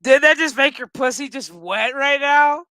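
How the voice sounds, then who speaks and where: A man's voice: extremely high pitch, moderate pace, sharp tone, no room sound, studio quality, voice pushed up, heavily acted. A man voicing the female cyborg Borg Queen in a crude, taunting, sweet-talking way. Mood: gloating.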